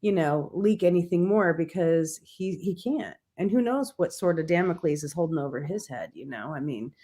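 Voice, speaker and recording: A woman co-hosting a radio talk show, chiming in with agreeable, quick remarks. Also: fairly low pitch, expressive, warm tone. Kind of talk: casual radio interview chat.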